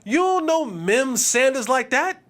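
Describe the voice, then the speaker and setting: A man's voice: very high voice, big pitch swings, measured pace, a bit bright. A man hosting a sports podcast, talking emphatically with repetition and slang. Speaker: podcast host.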